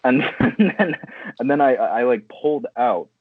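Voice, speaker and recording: A man's voice: mid-range voice, animated, a little slow, husky, no room sound. A man calling in as a podcast guest, telling a story in a laid-back way with some laughs. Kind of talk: casual chat. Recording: tinny phone-like remote line.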